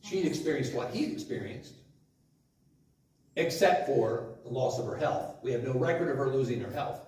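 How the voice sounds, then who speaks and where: A man's voice: medium pitch, expressive, moderate pace, a little mellow. A man preaching a sermon in church, talking with the congregation through rhetorical questions. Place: church sanctuary. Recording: very echoey church hall, mic at a distance.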